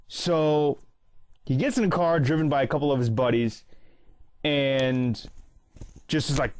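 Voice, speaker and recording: A man's voice: medium pitch, moderate pace, darkish tone, slight background noise. A man in his early thirties, host of a movie commentary channel, chattily retelling a film's ending and quoting its lines in a casual monologue. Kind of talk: casual film recap monologue.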